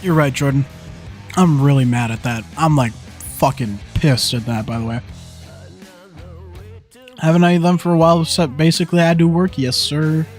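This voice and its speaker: A young man streaming a zombie shooter, commentating as he plays, often frustrated and swearing, going from mumbled asides to loud outbursts. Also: a little high, moderate pace, pauses often, faint music behind. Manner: frustrated, swearing, talking to the game; flips between mumbled asides and yelled outbursts. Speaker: gaming streamer. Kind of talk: live gameplay commentary.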